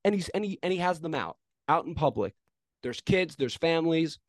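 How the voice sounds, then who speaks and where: A man's voice: fairly high pitch, a little fast, no echo. Swearing young man telling a game story. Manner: animated storytelling, profane, mock play-by-play calls. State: arm in a sling after shoulder surgery. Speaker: podcast co-host. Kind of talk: casual sports podcast chat.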